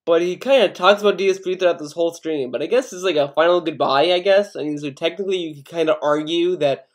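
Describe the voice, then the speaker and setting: A man's voice: on the high side, fast talker. A young man commenting casually on a video, rambling, swearing a lot and putting on mock outrage. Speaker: commentary youtuber.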